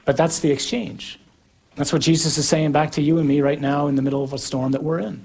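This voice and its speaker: A man preaching a sermon in an earnest, emphatic way, with slow, deliberate pauses between phrases. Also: on the high side, fairly even intonation, a little mellow.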